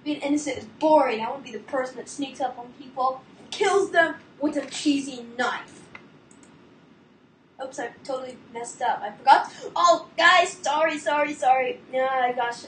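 A woman YouTuber giving gameplay commentary, excitable, with dramatic exclamations and groans. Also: sits high, moderate pace, a little hiss or hum. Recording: roomy, distant mic.

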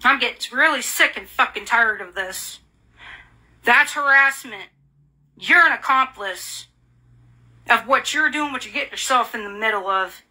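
A woman's voice: fairly high pitch, unhurried, pushed and bright. A woman in an angry, profane rant, hurling repeated insults and accusations. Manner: furious, profane, repetitive insults; bitter, accusing.

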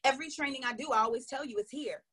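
A woman sales coach giving an energetic, emphatic motivational training talk. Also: sits high, rapid-fire, breathy edge. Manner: energetic, emphatic, acts out little dialogues.

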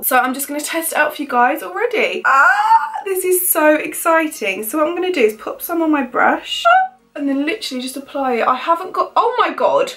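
A woman beauty vlogger chatting to camera in a gushing, excitable, rambling way. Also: high voice, moderate pace. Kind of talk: casual chat to camera.

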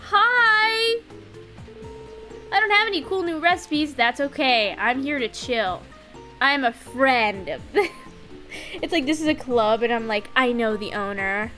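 A young woman streaming a farming game, giggling and chatting playfully, putting on quick voices for the characters. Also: high-pitched, bright, forceful tone. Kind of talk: live gameplay commentary. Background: faint game music.

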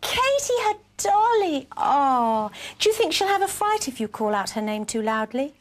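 High and sing-song at a moderate pace, the woman's voice encourages small children as she presents a kids' TV programme. Her manner is playful and gently coaxing, much like a cheerful teacher.

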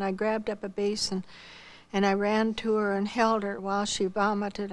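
A woman's voice: medium pitch, a little hiss or hum. A woman giving a spoken missionary testimony, telling her story earnestly and quoting the dialogue.

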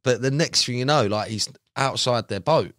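A young man, a podcast guest, chatting casually and telling animated, slangy stories full of fillers. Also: medium pitch, moderate pace, dry recording, clean studio sound. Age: young adult. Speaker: podcast guest, carp angler. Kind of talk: casual chat.

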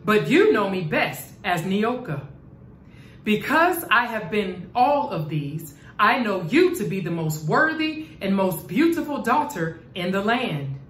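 A woman voicing a calm, kindly king who speaks in measured tones, in a storybook reading. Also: medium pitch, echoey room. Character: shape-shifting king, grave and kindly.

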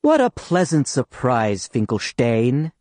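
A man's voice: medium pitch, wildly swooping pitch, takes it slowly, no echo. A man voicing a stern, sugary schoolteacher. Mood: sarcastic. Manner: sweetly polite, turning sharp and stern. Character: strict, sugary female Soviet schoolteacher. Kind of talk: audiobook reading.

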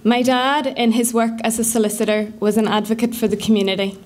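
A woman from Northern Ireland with a Northern Irish accent, reading a prepared tribute to her late father in an earnest, measured way. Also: fairly high pitch, level tone, darkish tone. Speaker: speaker remembering her father.

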